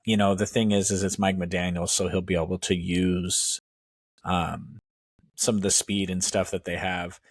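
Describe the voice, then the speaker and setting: A man with a low voice gives opinionated, wry sports takes and speeds up in quick bursts. His delivery is loose and conversational. The close, dry sound carries no room echo. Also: little pitch movement. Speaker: podcast co-host. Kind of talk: casual sports chat.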